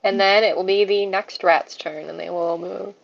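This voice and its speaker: A woman running a tabletop game as game master, narrating the scene in an unhurried way with fillers. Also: mid-range voice, steady tone, vocal fry, no echo. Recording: dull lo-fi mic.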